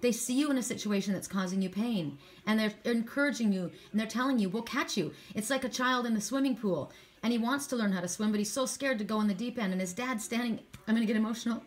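A woman's voice: on the high side, fast, hardly any pauses. A woman doing a spiritual card reading for viewers, talking in a rambling, encouraging way with frequent restarts. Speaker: tarot and oracle card reader.

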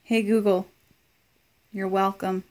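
Woman, unhurried delivery, chatty home review, laughs easily. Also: medium pitch, level tone, darkish tone. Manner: chatty, laughs often, talks to the device. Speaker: product reviewer. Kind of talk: casual home review vlog.

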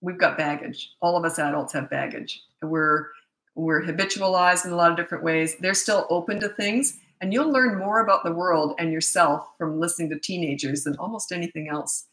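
Speaking at a moderate pace in a lowish, fairly bright voice, a North American woman in her sixties coaches parents on a live stream. She answers viewers' questions chattily and frankly, wandering into asides, with echo from the room.

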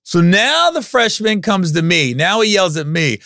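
Animated storyteller man in his forties. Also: sits high, measured pace, gravelly, no room sound, studio quality. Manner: animated, acts out quotes in loud raised voices. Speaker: podcast host. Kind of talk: casual storytelling monologue.

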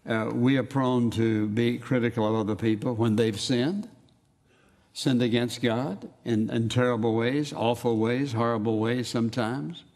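A man's voice: mid-range voice, a little mellow. Man preaching an emphatic sermon. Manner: emphatic, quotes scripture in slow dramatic readings.

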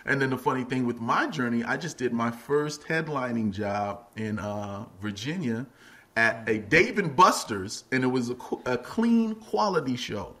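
A middle-aged man talks as a guest on a casual podcast, swinging his pitch up and down as he tells stories about his stand-up. His voice is bright and forceful, and he laughs easily between lines. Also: normal speed. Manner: animated, acts out quotes in a much higher voice, laughs often. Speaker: guest comedian and actor. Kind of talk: casual podcast interview storytelling.

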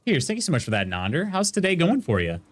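A man's voice: on the high side, wildly swooping pitch, fast, slightly rough, soft background music. A man from central Illinois giving casual live commentary while streaming a game, thinking aloud and greeting his chat. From central Illinois, USA.

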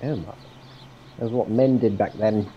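A man's voice: on the low side, steady tone, moderate pace, lo-fi sound, slight background noise. A man reading the text of a story game aloud to a co-player, with casual asides, often stumbling over words and restarting. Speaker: let's play co-host reading the game text.

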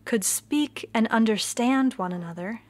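Woman, storyteller, slow, gentle, expressive, worship service reading. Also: on the high side. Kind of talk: reading a children's story aloud.

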